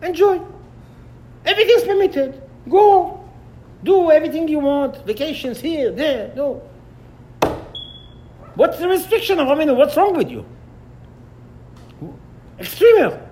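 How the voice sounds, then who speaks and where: A man's voice: very animated, measured pace, long pauses, darkish tone, a little hiss or hum, exaggerated voice. A man putting on the voice of a scoffing worldly onlooker who taunts a strict believer. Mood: mocking. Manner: shrill, taunting, exaggerated.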